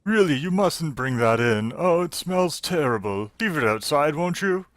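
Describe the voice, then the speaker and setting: A man voicing a prim, fussy gentleman with genteel manners. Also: on the high side, animated, normal speed, no echo, studio quality, voice pushed up, natural voice.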